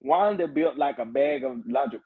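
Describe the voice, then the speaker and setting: This livestream host, a man with a husky, medium-pitched voice, chats and reads viewer comments with lots of energy. He laughs often and echoes his own phrases in drawn-out exclamations, all captured in tinny, phone-like audio.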